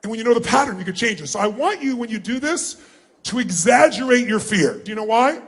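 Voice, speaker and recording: A middle-aged man giving a motivational seminar to a large crowd in a hall, commanding and often yelling instructions. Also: extremely high pitch, expressive, fast talker, slightly rough. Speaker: motivational speaker. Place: large hall with thousands of people.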